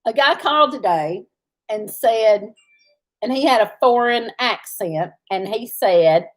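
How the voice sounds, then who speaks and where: A woman's voice: a little high, expressive, measured pace. A woman, chatting casually as co-host of a livestream, laughing often as she tells stories. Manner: laughs often, drawling storyteller. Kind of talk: casual live chat.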